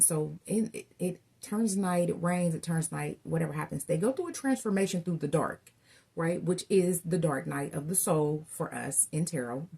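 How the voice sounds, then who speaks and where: A woman's voice: on the low side, gravelly, dark tone, breathy edge. A woman doing a casual tarot reading, telling stories in a chatty way and calling her viewers y'all. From Southern United States. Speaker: tarot reader.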